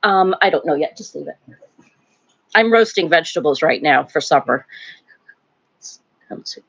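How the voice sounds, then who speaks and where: An older woman talks in a loose, rambling way as she hosts a live stream from home, laughing often between thoughts. Her pitch jumps up and down freely. The sound is dull and lo-fi, like audio from a live stream. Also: lively intonation, normal speed, a bit bright, slightly rough. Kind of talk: casual live-stream chat. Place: home, near a wood stove.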